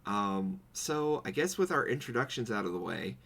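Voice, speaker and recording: A man's voice: on the low side, expressive, normal speed, vocal fry, a bit bright. A man co-hosting a podcast in casual chat, telling stories with goofy put-on quotes. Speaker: podcast co-host. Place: home streaming setup.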